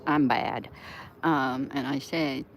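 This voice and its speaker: A woman's voice: extremely low pitch, slow pace, a little hiss or hum. A woman live-streaming from an outdoor seaside plaza, chatting in a rambling way, laughing often and breaking into sudden outbursts.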